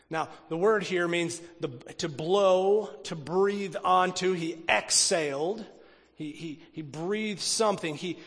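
A man preaching a sermon as pastor, talking animatedly, swinging from loud emphasis to hushed, near-whispered lines and often repeating words as he thinks aloud. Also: high-pitched, slow, gravelly, long reverb tail.

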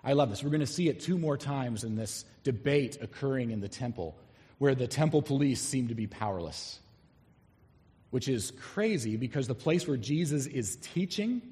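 A man preaching an expository sermon, emphatic and animated, reading scripture aloud and explaining it to a congregation. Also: medium pitch. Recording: long hall reverb.

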